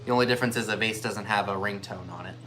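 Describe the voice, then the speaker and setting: A man's voice: fairly low pitch, fairly even intonation, very fast, pushed and bright, a little hiss or hum. A man co-hosting a live online sale, teasing his partner and calling out the bids in a casual, joking way.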